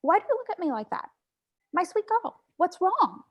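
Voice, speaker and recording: A woman's voice: extremely high pitch, sing-song, moderate pace. A woman playing an anxious mother and teacher in her forties in a staged play reading, speaking soothingly.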